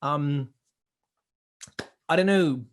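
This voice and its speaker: Young male co-host, slightly higher voice, casual anecdotal delivery with acted-out quotes. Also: drawn-out words. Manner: animated, swears, acts out others' lines. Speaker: podcast co-host. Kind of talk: casual storytelling chat.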